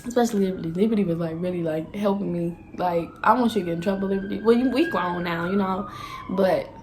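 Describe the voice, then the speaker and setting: A woman's voice: mid-range voice, fast talker, background noise. A young woman telling a candid, profane storytime on her vlog, laughing often and acting out what she said back then. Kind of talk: casual storytime.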